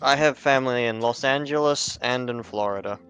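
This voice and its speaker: A man's voice: mid-range voice, a little fast, fairly bright tone, clean tone. A man with a New Zealand accent, a tabletop player who talks tersely and swears casually.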